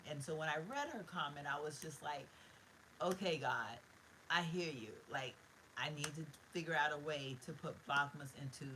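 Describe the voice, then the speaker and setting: A woman's voice: sits low, a little hiss or hum, poor audio. A middle-aged woman, chatting live from her bedroom to viewers in a heartfelt, rambling way. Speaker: vlogger. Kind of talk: casual live-stream chat. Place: bedroom at home.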